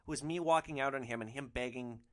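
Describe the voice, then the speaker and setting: A man's voice: mid-range voice, fairly quick, lightly acted. A man voicing a fed-up young woman passenger who scolds sharply. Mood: rueful.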